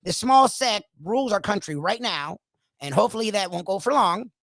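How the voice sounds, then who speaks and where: Hoarse, emphatic sports talk host. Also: male voice, high voice, normal speed, no echo, low-quality recording. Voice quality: animated, emphatic, ranting. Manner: opinionated, swings between loud bursts and quiet asides. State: hoarse from coaching. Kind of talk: solo monologue on a talk show.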